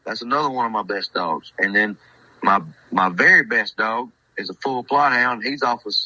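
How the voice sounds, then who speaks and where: A man in his twenties talks as a podcast guest, laid-back and hesitant and full of fillers. His tone is very bright and forward, and the recording is close and dry. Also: lowish voice, normal speed, dry recording, low-quality recording. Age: 20s. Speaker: hunting dog handler, guest. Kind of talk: casual podcast chat.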